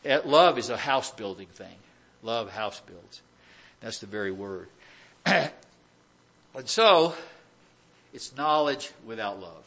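A man works through a scripture passage in a relaxed, talky sermon. His voice sits a bit higher than most men's, and he keeps tossing rhetorical questions and dry, sarcastic asides to the congregation. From United States. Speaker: preacher. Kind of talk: expository sermon.

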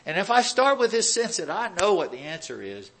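A man's voice: high voice, huge pitch swings, a little fast, a bit bright, slightly rough. A man preaching a verse-by-verse sermon in a conversational way, with rhetorical questions and dry sarcastic asides. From United States. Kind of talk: expository sermon.

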